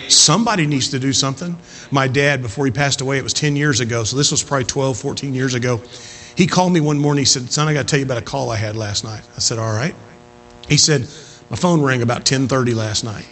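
A man preaching a sermon, telling stories with emphatic, rising exhortations and quieter narrated stretches. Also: on the high side, fast.

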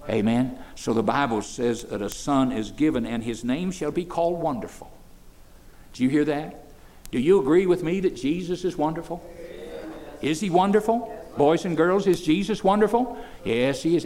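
An older man, preaching to children, moving between soft, folksy asides and loud, emphatic declarations. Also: fairly high pitch, animated, moderate pace. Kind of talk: sermon to children.

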